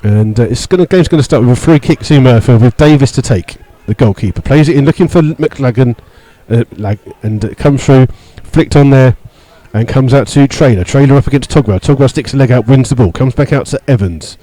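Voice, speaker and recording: Brief: male radio football commentator, mellow tone, halting play-by-play full of fillers, gets worked up over referee calls. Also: dry recording, rough recording. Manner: steady play-by-play with many fillers, rising in pitch when indignant. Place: stadium stand among fans.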